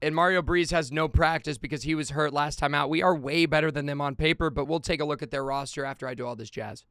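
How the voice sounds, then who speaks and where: A young man calling the action with a high, bright, sharp voice, giving hyped play-by-play game commentary. He swings between quick, chatty recaps and loud, excited shouts. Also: clean tone, dry recording, clean studio sound. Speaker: gaming streamer.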